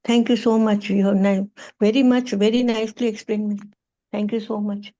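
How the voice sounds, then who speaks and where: A woman student in an online class, polite and hesitant, reading aloud haltingly with fillers. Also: medium pitch, little pitch movement, dark tone, dull audio.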